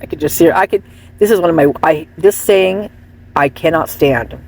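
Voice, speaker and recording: A woman hosting a casual commentary vlog, gossipy and rambling, with a husky voice. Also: low voice, moderate pace, darkish tone. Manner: rambling, gossipy, frequent restarts and laughs. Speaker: channel host commenting on celebrity photos.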